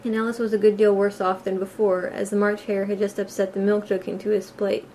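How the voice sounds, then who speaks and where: A woman's voice: mid-range voice, brisk, slight background noise. Woman reading a children's classic aloud. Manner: plain, steady reading with small slips. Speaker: audiobook reader. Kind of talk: storybook narration.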